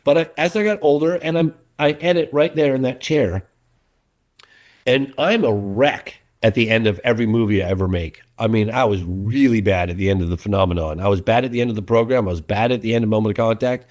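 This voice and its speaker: A man's voice: lowish voice, fairly quick. Earnest middle-aged man telling stories. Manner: animated storyteller, earnest. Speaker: documentary filmmaker, interview guest. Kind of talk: casual interview chat.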